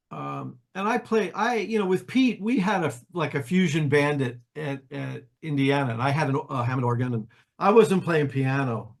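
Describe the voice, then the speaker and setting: Older male guest, slightly high voice, chatty storyteller, restarts a lot. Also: gravelly. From New Jersey, US. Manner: animated anecdotes, acts out quoted voices, frequent restarts. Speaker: interview guest, jazz pianist. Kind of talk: casual storytelling.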